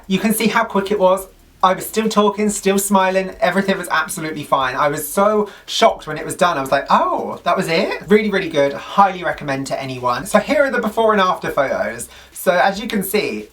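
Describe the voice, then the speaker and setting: A man's voice: fairly high pitch, a bit bright, far from the mic. A man vlogging to camera in a chatty, gushing, upbeat way. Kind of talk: casual talk to camera.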